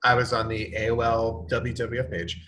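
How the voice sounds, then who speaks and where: A man in his thirties, a guest on a podcast, recapping events briskly with dry little asides. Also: mid-range voice, completely flat delivery, noisy background. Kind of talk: casual chat.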